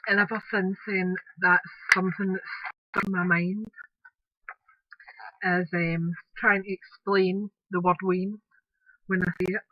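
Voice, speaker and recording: A woman with a Scottish accent rambles warmly through her crafting steps, sprinkling in fillers and Scottish words. Her voice sits at an ordinary middle pitch. The recording is muffled and lo-fi, with a dry, close sound and no room echo. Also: little pitch movement, unhurried, pauses often. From Scotland. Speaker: craft tutorial host. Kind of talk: chatty crafting tutorial.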